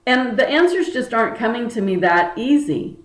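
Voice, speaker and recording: A woman's voice: fairly high pitch, sing-song, normal speed, reverberant, rough recording. A woman energy healer talking to her viewers in a casual spiritual chat, earnest and chatty, with many fillers and restarts. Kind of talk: casual spiritual talk to camera.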